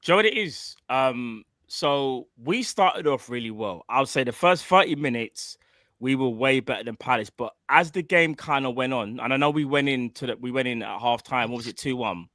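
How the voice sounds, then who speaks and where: A man's voice: mid-range voice, expressive, moderate pace, a bit bright, dry recording. A man co-hosting a casual football talk show, laid back and full of slang. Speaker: co-host.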